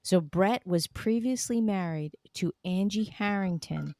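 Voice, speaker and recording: A woman's voice: medium pitch, unhurried, a little mellow. A woman co-hosting a podcast, casually telling backstory step by step. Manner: storytelling, walks through backstory step by step. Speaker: podcast co-host. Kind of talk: casual chat recapping a reality show.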